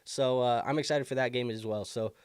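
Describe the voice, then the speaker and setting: A young man hosts a live fantasy football stream, casually answering viewer questions while thinking aloud with many fillers, and he is bothered by the hiccups. His medium-pitched voice is clean, a little fast and fairly even in intonation, recorded in clean studio sound with no room sound.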